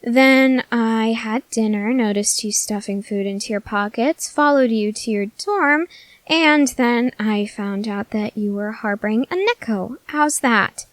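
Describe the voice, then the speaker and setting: A woman's voice: a little high, a little slow, no room sound, natural voice. A woman voicing a food-obsessed teenage soldier girl in an ASMR audio drama, whiny and melodramatic. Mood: chatty. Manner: whiny, melodramatic, easily sidetracked.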